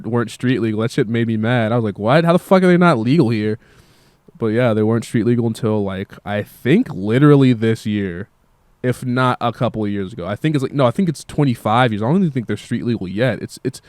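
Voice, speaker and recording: Sleepy young guy rambling and cussing, low mellow voice, dry close sound. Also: clear, resonant tone, dry recording. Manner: meandering, swears casually, many fillers. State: tired. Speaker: musician vlogger. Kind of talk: rambling casual monologue.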